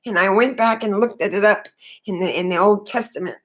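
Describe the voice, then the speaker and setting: A woman talking unscripted about her spiritual awakening, earnest and halting, with many fillers and restarts. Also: mid-range voice. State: tearful. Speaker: spiritual vlogger.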